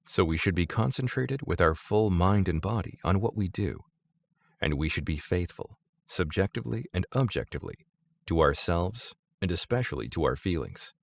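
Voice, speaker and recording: In an audiobook-style reading of Zen teachings, a man with a very low, gravelly voice speaks in a measured, deliberate way, though his pitch moves up and down with liveliness. The recording is dry and close, without any room echo.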